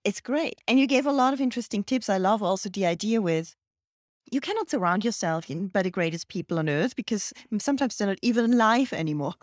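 A woman's voice: medium pitch, animated, fast, no echo, studio quality. A woman host, summing up the guest's points in long, thoughtful turns. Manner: reflective, long summarizing turns. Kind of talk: interview conversation.

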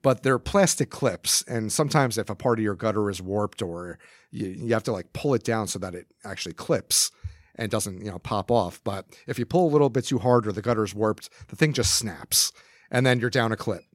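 A man telling an animated story in casual podcast chat, laughing often and swearing when he gets riled. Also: fairly low pitch, moderate pace, dry recording, studio quality. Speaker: podcast regular.

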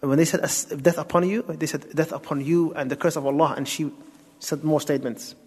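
A man's voice: fairly high pitch, fairly even intonation, fairly quick, darkish tone, slightly rough. A man giving a Quran tafsir lesson, explaining step by step, asking rhetorical questions and mixing in Arabic terms. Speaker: Islamic teacher. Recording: long hall reverb.

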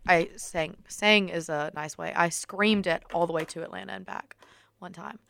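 A young adult woman co-hosting a casual podcast, chatty and excitable, peppering her speech with "like". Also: lowish voice, moderate pace, vocal fry, very noisy. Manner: chatty and excitable, heavy use of "like". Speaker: podcast co-host. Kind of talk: casual chat.

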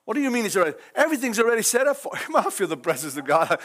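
A man with a Cajun accent preaches in a very high, lively voice that swoops up and down. He talks in a folksy way, chuckling often and throwing in praise and hallelujahs. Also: very fast, few pauses. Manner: chuckles often between lines. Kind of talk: sermon.

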